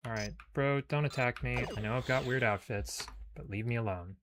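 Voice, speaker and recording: A man playing a space game, chatting casually and reading its story text aloud, with relaxed muttered asides. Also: medium pitch, moderate pace, slight background noise. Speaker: let's play host.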